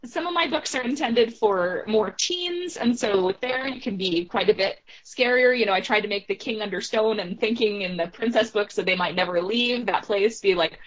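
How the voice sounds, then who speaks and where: A woman's voice: medium pitch, normal speed, hardly any pauses. A woman author talking casually in an interview, laughing often and trailing off mid-thought. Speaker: author guest. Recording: dull lo-fi recording.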